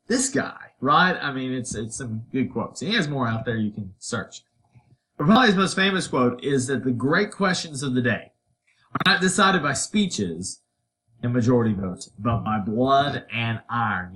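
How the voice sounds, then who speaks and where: A man giving a history lecture in a loose, conversational tone. He sits at a middle pitch and talks the way a teacher talks to a class, throwing in quick jokes and animated little voices for the figures he quotes. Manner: casual and conversational, with playful asides and voiced quotes.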